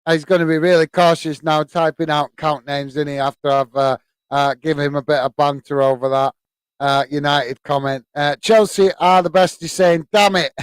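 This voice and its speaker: A man's voice: fairly high pitch, steady tone, moderate pace, clean tone, no room sound. A man from the UK hosting a live football watch-along, chatting casually with viewers and laughing often. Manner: chatty, laughs often, lots of "uh" fillers, calls viewers "mate". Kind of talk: casual live-stream chat, reading comments aloud.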